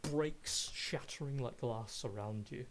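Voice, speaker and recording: A man narrating a tabletop game as game master, describing the action in slow, measured, vivid detail. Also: mid-range voice, slight background noise.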